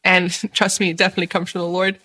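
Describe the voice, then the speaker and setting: Woman, bright and forceful voice, bubbly and earnest, faith reflection vlog. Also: fairly low pitch, little pitch movement, fast talker, poor audio. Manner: bubbly and earnest, laughs often.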